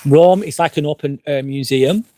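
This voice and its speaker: A man's voice: fairly high pitch, moderate pace, dark tone. A man from England, a little tipsy, chatting casually on a live stream, reading out viewer comments and going off on profane, rambling rants. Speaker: vlogger hosting a live stream. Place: outdoors by a fire pit at a glamping site.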